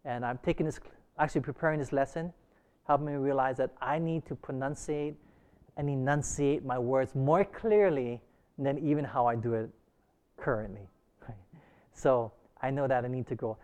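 A man's voice: mid-range voice, a little mellow. Middle-aged male church teacher, light Hawaiian Pidgin accent, reading quotations in a lesson, prompting the class for answers. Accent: light Hawaiian Pidgin English. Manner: pauses for the class to call out answers.

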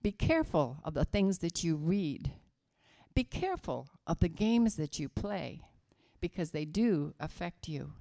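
A woman from West Virginia giving a children's sermon at church, telling a story slowly and emphatically to the kids. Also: fairly low pitch, very animated, creaky, warm tone.

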